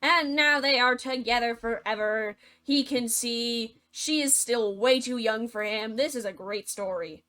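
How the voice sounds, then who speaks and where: Bright, sarcastic woman narrator. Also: a little high. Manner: sarcastic, jokey asides, fast and bubbly. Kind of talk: comedic fairy-tale retelling.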